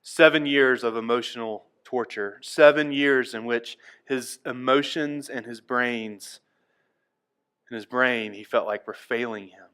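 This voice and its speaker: A male pastor delivering a sermon, moving between quiet, hushed passages and loud, emphatic ones. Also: medium pitch, unhurried, smooth. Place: church.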